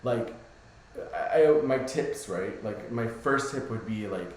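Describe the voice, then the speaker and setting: A man's voice: medium pitch, lively intonation, slow, a little mellow. Easygoing coach guy chatting, keeps saying right, super echoey room. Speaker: spiritual coach. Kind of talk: casual podcast chat.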